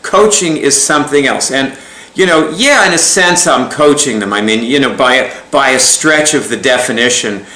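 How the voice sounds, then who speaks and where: A man's voice: mid-range voice, moderate pace, sharp tone. A man telling a story in a casual, rambling way, chuckling often and restarting his sentences. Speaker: speaker recounting a client story. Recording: echoey room.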